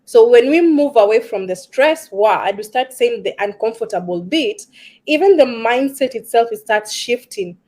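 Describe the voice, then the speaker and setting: East african woman stress coach, kinda high voice, earnest, some ums, repeats stuff for emphasis. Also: animated, normal speed, dark tone. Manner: earnest, repeats words for emphasis, uses fillers like um. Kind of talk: casual discussion.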